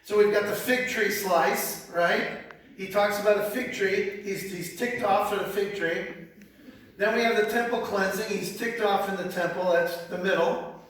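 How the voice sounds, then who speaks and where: A man with a high voice gives an animated, conversational Bible lesson, often repeating words as he talks. He sounds far from the microphone, and his voice booms around a large, very echoey hall. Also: normal speed, a little hiss or hum. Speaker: Bible teacher. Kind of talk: sermon-style Bible teaching.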